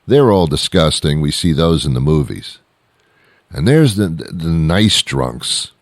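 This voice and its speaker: A man's voice: a bass voice, very animated, unhurried, no echo, studio quality. A man hosting a show, delivering a rambling, exasperated comedic monologue. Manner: rambling, exasperated ranting with restarts. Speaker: radio show host.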